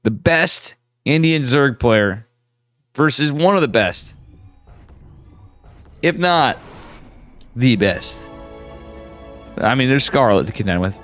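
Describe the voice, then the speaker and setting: A man's voice: mid-range voice, expressive, takes it slowly, long pauses, a bit bright, soft background music. A man streaming live game commentary, talking in a loose, profane, hyped-up way to his chat between plays. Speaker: esports caster.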